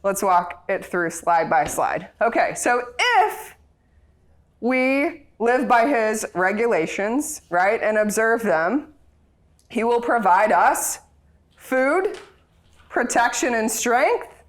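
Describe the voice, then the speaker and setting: A woman runs a group Bible study in a relaxed, chatty way. Her voice sits a little high, and she keeps the tone playful, often breaking into laughter. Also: slow.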